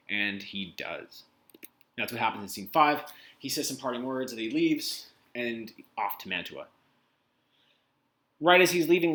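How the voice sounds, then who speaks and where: A man talks through a play as a teacher, loose and conversational. His voice sits at a middle pitch, and he drops into casual paraphrase of the characters' lines as he goes. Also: a bit bright. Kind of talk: casual lesson summary.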